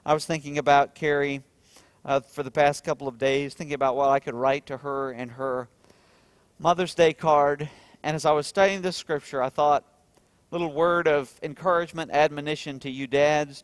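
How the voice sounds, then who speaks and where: A man preaching a heartfelt sermon as pastor, earnest, swinging between emphatic peaks and soft tender passages. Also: mid-range voice, smooth, no echo. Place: church.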